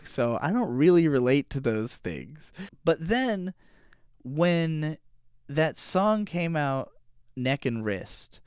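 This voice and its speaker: A man's voice: mid-range voice, lively intonation, takes it slowly, clear, resonant tone, dry recording, studio quality. A young man from Virginia talking through his favorite albums in a rambling, emotional way, full of fillers. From Virginia, USA. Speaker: music reviewer. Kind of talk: casual album review monologue.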